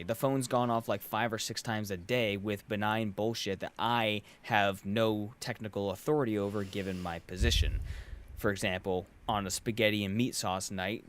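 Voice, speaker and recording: A man's voice: lowish voice, fairly bright tone, smooth. Exasperated young man ranting sardonically. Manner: exasperated, sardonic storytelling, swears often. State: worn out from work. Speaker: podcast host. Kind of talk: casual podcast rant.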